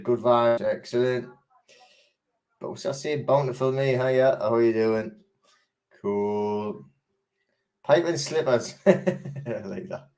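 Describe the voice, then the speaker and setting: Chatty, rambling English host. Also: male voice, on the low side, darkish tone. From England. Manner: rambling, chatty, many fillers and restarts. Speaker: host of a live online chat. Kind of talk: casual live-stream chat.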